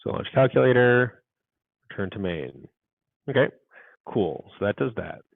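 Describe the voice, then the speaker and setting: A man's voice: medium pitch, lively intonation, unhurried, creaky, no room sound, phone-quality sound. A man teaching a programming class, thinking aloud as he codes and muttering asides to himself. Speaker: university instructor. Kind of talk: live coding lecture.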